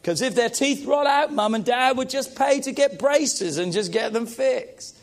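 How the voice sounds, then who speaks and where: A middle-aged man preaches with a high-pitched voice. He is emphatic, repeats key phrases and calls out to his listeners as he presses each point. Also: lively intonation, a little slow. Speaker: pastor. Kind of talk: sermon.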